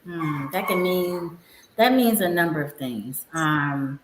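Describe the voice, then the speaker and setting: A woman guest on a casual live-stream chat, speaking in a measured, thoughtful way with pauses. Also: lowish voice, echoey room, background noise.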